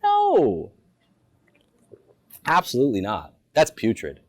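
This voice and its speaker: A man's voice: on the high side, very animated, moderate pace. A man, a rabbi, teaching a lunchtime Torah class with rhetorical questions and playful asides. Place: school campus.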